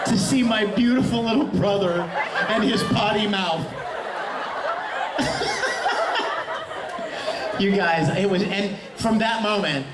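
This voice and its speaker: A man's voice: mid-range voice, recorded from a distance, heavy background noise. A middle-aged man, a voice actor on a convention panel, telling stories with enthusiasm and laughing often. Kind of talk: animated anecdote telling. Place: large convention hall before an audience. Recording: echoey hall recorded from afar.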